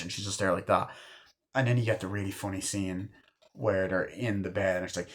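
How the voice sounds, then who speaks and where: A man's voice: lowish voice, steady tone, a little fast. A man reviewing a movie in a casual, rambling way, swearing often and leaning on fillers. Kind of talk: casual chat.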